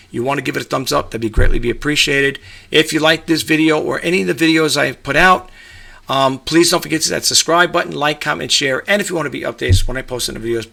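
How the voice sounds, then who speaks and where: A man's voice: on the high side, creaky, pushed and bright. A middle-aged man from New York vlogging from his home about reselling, rambling casually with lots of fillers and restarts. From New York, USA. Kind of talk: casual talk to camera. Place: home room with a grandfather clock.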